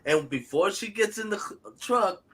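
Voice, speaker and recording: A man's voice: sits high, lively intonation, moderate pace, fairly bright tone. A man chatting casually and teasing friends as a guest on a live stream. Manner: joking and teasing. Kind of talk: casual chat. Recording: online live stream call.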